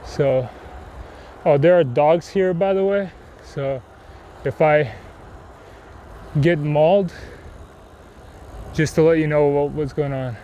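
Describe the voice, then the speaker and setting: A man's voice: fairly high pitch, takes it slowly, long pauses, dark tone. A man chatting casually while riding a bike outdoors, rambling and self-deprecating, with many fillers. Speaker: cycling vlogger. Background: wind and faint traffic.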